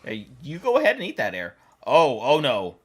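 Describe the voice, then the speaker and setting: A woman's voice: a bass voice, wildly swooping pitch, normal speed, breathy edge. A woman hosting a reaction video, exclaiming, cooing and laughing as she comments on funny animal clips. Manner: laughs often.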